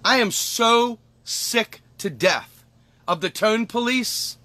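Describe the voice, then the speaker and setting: A man's voice: very high-pitched, animated, takes it slowly, pushed and bright, dry recording. A man delivering an angry, emphatic political monologue as host, swearing and repeating lines for effect. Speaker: podcast host.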